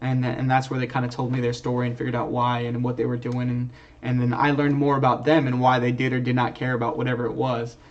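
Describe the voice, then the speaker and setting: A man's voice: medium pitch, monotone, quick pace. A young man, an Air Force sergeant, talking earnestly on a livestream and rambling with restarts and fillers, heard from a distance through a muffled mic. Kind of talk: livestream talk. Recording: distant, dull lo-fi stream audio.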